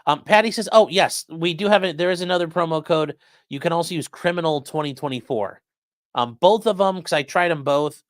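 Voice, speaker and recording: A man's voice: a little high, fairly quick, dry recording. Casual male livestream host, dry close sound. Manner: loose and conversational, many fillers, repeats phrases. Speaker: host of a legal commentary livestream. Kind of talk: casual livestream chat reading viewer comments.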